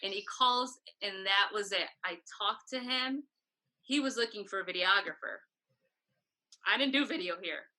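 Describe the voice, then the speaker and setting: Bright, chatty woman telling tour stories. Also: medium pitch, moderate pace, rough recording. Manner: chatty, animated, acts out quoted dialogue. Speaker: guest, tour photographer. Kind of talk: casual interview storytelling.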